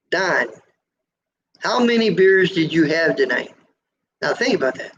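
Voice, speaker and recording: Man, gravelly voice, high-pitched for a guy, folksy teasing live-stream chat, dull lo-fi sound. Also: lively intonation, normal speed, long pauses, a bit bright. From USA. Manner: folksy, teasing, preachy about road safety. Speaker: trucker vlogger hosting a live Q&A. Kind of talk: casual live-stream chat, reading viewer comments.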